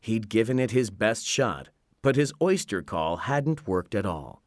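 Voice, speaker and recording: A man reading a children's story aloud in a slow, expressive narration. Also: lowish voice, no echo, clean studio sound. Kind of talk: scripted narration.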